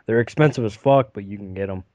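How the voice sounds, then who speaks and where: A man co-hosting a casual podcast, animated and swearing as he talks. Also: fairly low pitch, fast, no echo, muffled recording. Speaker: podcast co-host.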